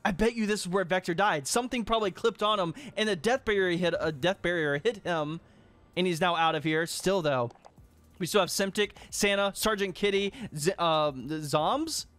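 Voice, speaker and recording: A young man giving excited gameplay commentary while hosting a hide and seek game, laughing often and scolding players. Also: high voice, normal speed.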